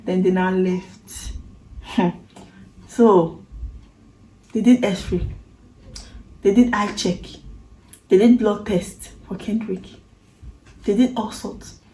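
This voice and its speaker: A Nigerian woman tells her own story straight to camera, earnest and emotional, with Pidgin turns of phrase. Her voice is mellow and warm. The recording has a noticeable echoey room sound. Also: mid-range voice, steady tone, slow, pauses often, slight background noise. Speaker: vlogger.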